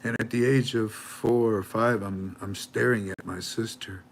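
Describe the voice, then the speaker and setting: Older male host, low voice, halting heartfelt storyteller who ends on a blessing. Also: steady tone, slight background noise. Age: 70s. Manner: halting, repeats words while searching for them. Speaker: channel host. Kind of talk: heartfelt storytelling with a religious close.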